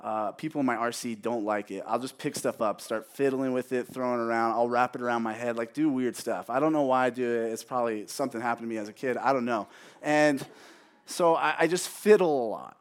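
A man in his thirties preaching a sermon in a conversational way, with self-joking asides. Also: medium pitch.

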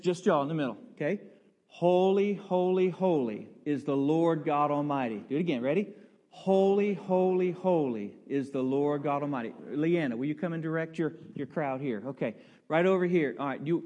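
High-voiced preacher in a reverberant hall. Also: male voice, muffled recording. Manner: playful, coaxing the congregation, building to loud bursts. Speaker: pastor. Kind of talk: sermon with audience participation. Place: large church sanctuary.

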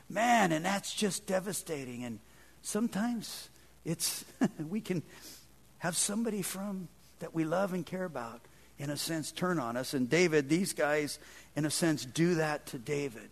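Man, pastor, high voice, sermon, conversational, shifts from loud emphasis to soft hushed lines. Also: lively intonation, normal speed, vocal fry. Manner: swings between loud emphatic stretches and soft low passages; conversational, with frequent "man" and "kind of".

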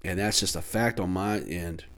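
A man in his thirties ranting alone about college sports, swearing often, irritated and heated, with sudden loud outbursts. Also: low voice, moderate pace. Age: 30s. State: annoyed. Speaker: sports talk host. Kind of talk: solo sports rant.

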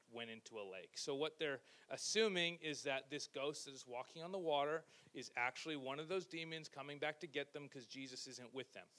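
Guy preaching in church, bright punchy voice, kinda high, tells the story big with jokes thrown in. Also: clear, resonant tone. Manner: animated storytelling with joking asides. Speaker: pastor. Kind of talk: sermon. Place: church stage.

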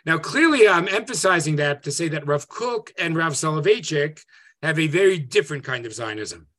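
A man teaching an interactive online class as a rabbi, conversational and lively, often checking in with "right?". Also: a little high, normal speed. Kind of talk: interactive Zoom lecture. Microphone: video call.

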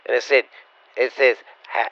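A man's voice: mid-range voice, steady tone, normal speed, a bit bright, dry recording. Middle-aged man, blunt and profane, stammering Q&A vlogger; dull, dry lo-fi recording. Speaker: vlogger answering viewer questions. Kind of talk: casual rambling Q&A.

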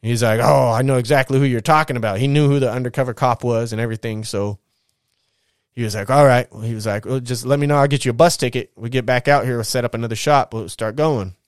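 A man's voice: mid-range voice, quick pace, smooth, no echo, studio quality. A young man bluntly telling his life story in casual, profane talk, full of restarts.

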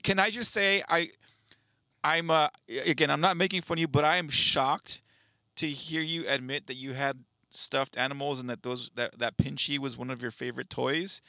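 Male co-host, gravelly bright voice, dry close mic, teasing banter. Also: fairly high pitch, fairly even intonation, moderate pace, no room sound. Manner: teasing, laughs often, swears. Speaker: podcast co-host. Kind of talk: casual chat.

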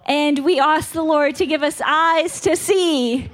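A South African woman with a high voice speaks slowly through a stuffy nose at a church retreat. The teaching is conversational and open, and she occasionally laughs at herself along the way.

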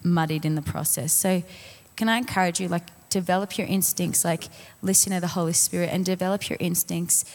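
A woman's voice: on the low side, fairly even intonation, brisk, a little mellow. A woman speaking casually on a songwriting panel, rambling with many fillers and laughing at herself. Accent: non-American (commented on). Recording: long hall reverb.

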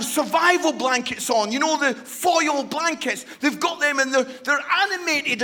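High, bright-voiced preacher. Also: male voice. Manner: passionate, swinging from hushed near-whispers to shouts. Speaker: guest preacher. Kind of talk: sermon. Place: church service.

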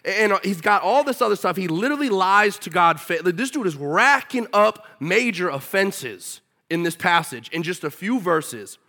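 A man delivering a sermon in an animated, casual manner, slipping into slang. His voice sits a bit high and has a bright, forward edge. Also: moderate pace, hardly any pauses. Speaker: preacher.

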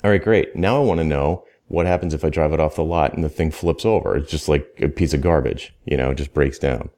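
Talking fairly quickly in a rumbling low, warm voice, a consultant guest chats casually on a podcast. He is emphatic and rambling, frequently self-correcting by starting his sentences over.

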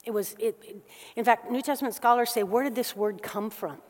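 A woman preaching a sermon to a church gathering, moving between soft, slow passages and loud, quick bursts. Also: a little high. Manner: animated, swings from soft and slow to loud and fast. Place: church hall. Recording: long hall reverb.

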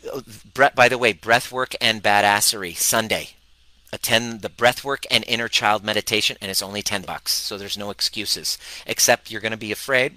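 A man coaching live on a stream, energetic and blunt, acting out his clients' worries in quick quoted voices. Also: lowish voice, no room sound, low-quality recording.

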